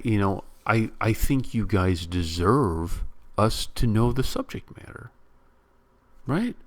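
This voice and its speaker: A man vlogging at home, ranting to his viewers in a casual, animated way and repeating himself for emphasis. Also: on the low side. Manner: animated, repetitive, addresses viewers directly. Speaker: YouTube vlogger. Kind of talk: casual on-camera rant. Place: home room near a bedroom.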